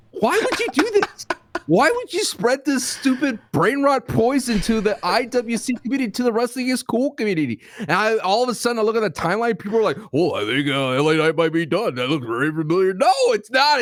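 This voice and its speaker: A man co-hosting a podcast with a fairly high voice that swings up and down. He plays up mock grief and stumbles over his words in excited bursts. The sound is dry and close. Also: dry recording. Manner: mock-grieving, animated, stammers in bursts. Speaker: podcast co-host. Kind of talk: casual podcast banter.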